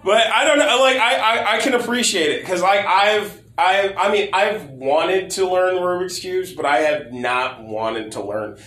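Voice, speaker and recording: A man in casual chat, rambling with many stammered restarts and a lot of swearing, his voice going hoarse. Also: high voice, unhurried, hardly any pauses, fairly bright tone. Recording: roomy echo.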